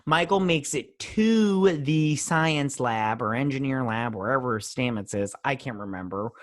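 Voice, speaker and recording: A man's voice: medium pitch, lively intonation, unhurried, no room sound, studio quality. A young man hosting a show, casually recapping and reviewing an episode in a rambling, dismissive way. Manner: rambling, dismissive, paraphrases scenes with "he's all like". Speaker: show host.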